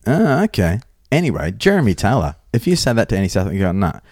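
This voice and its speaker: Lively laughing man, dry sound. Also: fairly low pitch, very fast, husky, no room sound. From Australia. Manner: swearing, laughing, jokey storyteller. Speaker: podcast co-host. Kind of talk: casual banter.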